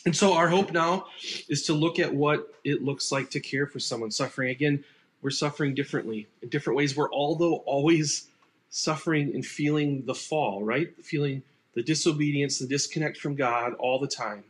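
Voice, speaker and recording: A pastor giving a relaxed, conversational sermon, speaking unscripted and acting out sample replies in quoted voices. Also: male voice, fairly high pitch, normal speed.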